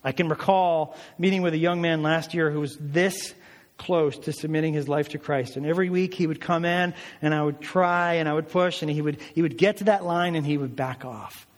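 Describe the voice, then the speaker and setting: A man's voice: a little high, steady tone, normal speed. Man preaching in a reverberant hall. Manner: earnest, emphatic preaching with repetition. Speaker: pastor. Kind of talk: sermon.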